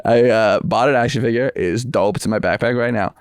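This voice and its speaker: A man's voice: fast talker, clear, resonant tone, no echo, clean studio sound. Rambling comedian man. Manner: rambling storyteller, bursts of high-pitched excitement. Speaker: podcast co-host. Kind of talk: casual comedic chat.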